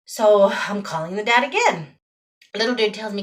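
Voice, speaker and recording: A woman's voice: medium pitch, expressive, moderate pace. A middle-aged woman in a personal vlog, venting with exasperation and repeating words for emphasis. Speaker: vlogger and mother. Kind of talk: emotional personal vlog rant.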